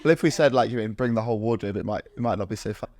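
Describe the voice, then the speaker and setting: A man hosting a podcast. He asks friendly questions in a relaxed way, with filler words. The sound is dry and close, with no room echo. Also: on the low side, racing. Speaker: podcast host. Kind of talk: casual interview chat.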